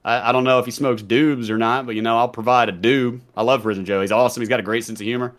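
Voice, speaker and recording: Fast-talking man with a mild Southern accent. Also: mid-range voice, steady tone, a bit bright. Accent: Southern American. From Southern United States. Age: 30s. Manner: rambling, laughing, swears casually. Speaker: podcast guest. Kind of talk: casual podcast chat.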